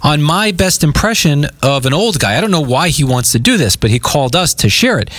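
Lively, excited male radio host. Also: fairly high pitch, a little fast. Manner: excited, playful, laughs often. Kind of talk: morning radio talk.

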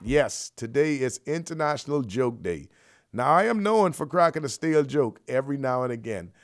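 A man hosting a radio show, talking in loose, slangy, joking patter full of shout-outs. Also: medium pitch, lively intonation, moderate pace, no room sound, studio quality. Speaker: radio host.

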